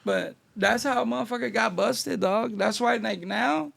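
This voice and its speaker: La guy, middle-aged, raspy fry all over, high-ish voice, telling stories w/ lots of slang. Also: normal speed. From Northeast Los Angeles. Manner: animated street-slang storyteller, acting out dialogue. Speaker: guest. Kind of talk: casual storytelling interview.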